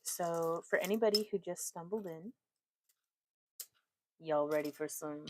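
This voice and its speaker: There's slight background noise as a woman with a low, creaky voice talks at a measured pace, pausing often. She's showing her weaving on a craft live stream, chatty and giggly, laughing along with viewers and addressing the chat.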